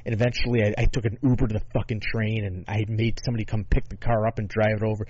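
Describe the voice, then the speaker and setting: Low-voiced man, rambling and profane. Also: flat delivery, darkish tone, slightly rough, dry recording, dull audio. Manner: rambling, profane, halting restarts. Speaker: podcast co-host. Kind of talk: casual chat.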